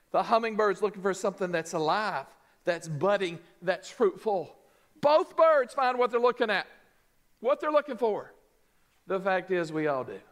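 A male pastor preaching a sermon, emphatic and rising to shouts. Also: very high voice.

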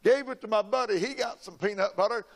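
An older man with a high voice talks fast as he preaches a sermon. He tells a personal story in a folksy, dramatic way, shouting out the quoted lines.

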